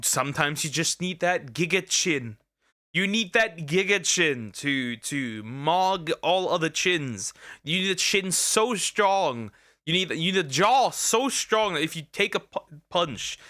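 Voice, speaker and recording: A man's voice: a little high, sharp tone, no echo, clean studio sound. A man casually reacting to a video, rambling and joking with internet slang.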